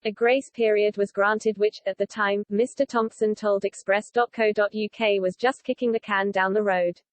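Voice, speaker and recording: A woman narrating a news article in a steady, even reading voice. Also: medium pitch, normal speed, no room sound.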